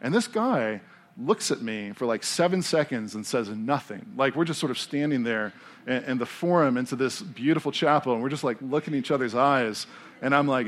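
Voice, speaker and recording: Chatty american pastor telling stories. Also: male voice, mid-range voice, fairly quick. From United States. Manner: animated storytelling with many fillers. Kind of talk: casual conversational sermon. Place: church in Denver.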